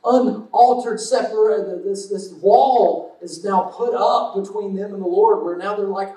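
A high-voiced man preaches in a loose, joking way, slipping into quick acted-out asides. His voice rings around a roomy church space and sits a little back from the mic. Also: animated, mellow, recorded from a distance. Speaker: pastor. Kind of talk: sermon.

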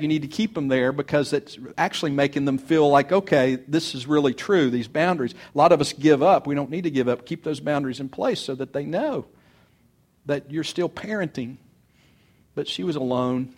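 A middle-aged pastor preaching a sermon, earnest, swinging between loud urging and soft confiding. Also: male voice, on the high side, moderate pace.

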